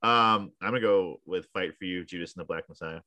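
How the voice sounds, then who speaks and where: Deep-voiced offhand man. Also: fairly quick, sharp tone, no echo. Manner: offhand, self-deprecating. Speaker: podcast co-host. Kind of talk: casual chat.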